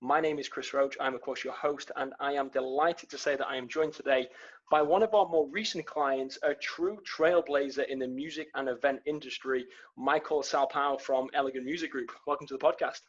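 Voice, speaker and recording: A man's voice: mid-range voice, steady tone, brisk, husky, muffled recording. A man from England with a Northern English Manchester accent, hosting a casual interview podcast. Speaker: podcast host.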